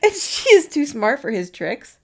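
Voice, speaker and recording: In a relaxed podcast chat, a woman co-host goes through a film recap from her notes, often breaking into giggles. Her medium-pitched voice is animated and moves at a normal speed.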